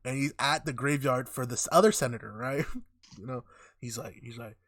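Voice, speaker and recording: A young man hosts a podcast, animatedly spinning a made-up story in casual chat, laughing and swearing often. His mid-range voice is a bit bright and moves at a moderate pace.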